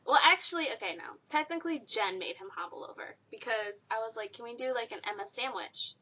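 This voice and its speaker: Husky young woman, chatty and laughing. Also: a little high, fast. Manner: chatty, laughs often, animated storytelling. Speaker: podcast co-host. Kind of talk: casual group chat.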